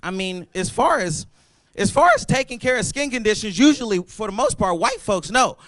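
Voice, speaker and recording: High-voiced animated stand-up comedian man. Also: moderate pace, no room sound. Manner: animated, loud and playful, apologetic asides to the crowd. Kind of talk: open mic stand-up set. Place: comedy club stage.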